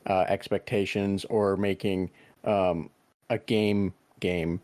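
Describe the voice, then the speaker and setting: A male podcast host replying in a hesitant, halting way with many pauses and "um"s. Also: sits low, steady tone, a little mellow. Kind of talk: casual interview chat.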